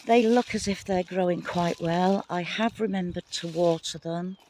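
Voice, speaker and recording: A woman giving a casual tour of her garden plot outdoors in the wind, talking excitedly and apologetically into a handheld phone camera. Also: lowish voice, moderate pace. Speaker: gardening vlogger.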